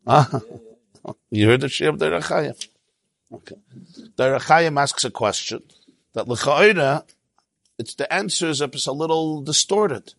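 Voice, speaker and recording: A man's voice: fairly high pitch, a little slow, creaky, pauses often, a bit bright, dry recording. A man teaching a Torah class in a conversational way, with jokes and asides, and his voice jumps up when he stresses a point.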